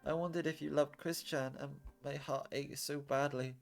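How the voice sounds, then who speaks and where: A man's voice: steady tone, normal speed, gravelly, soft background music. A man doing a sweet, teary teenage girl. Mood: tearful. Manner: high soft falsetto, speaks of herself in third person. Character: sweet tearful teenage girl, childlike and gentle. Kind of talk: reading a visual novel aloud with voices.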